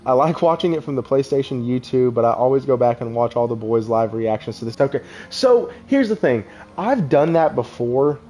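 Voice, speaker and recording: A man's voice: mid-range voice, mellow, muffled recording. A young man hosts a casual live stream, rambling and laughing as he talks to viewers in the chat. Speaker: podcast host.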